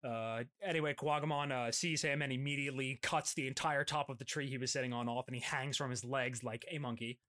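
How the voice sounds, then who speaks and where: A man's voice: mid-range voice, steady tone, a little fast, hardly any pauses, pushed and bright. A man hosting a podcast, recapping an episode in casual chat, rambling with many fillers and restarts.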